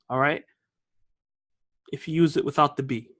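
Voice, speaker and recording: A man's voice: on the high side, normal speed, long pauses, a bit bright. A man teaching a classroom grammar lesson, explaining patiently, checking in with the class and switching between two languages. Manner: explains patiently, checking with "okay?" and "all right?"; switches between English and Arabic. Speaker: Arabic teacher.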